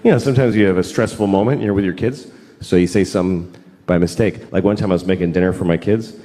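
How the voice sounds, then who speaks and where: A middle-aged man doing a stand-up comedy set, ranting and profane, with sudden mock-outraged yells. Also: deep voice, quick pace. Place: large theater stage before a laughing audience. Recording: roomy live venue with loud crowd.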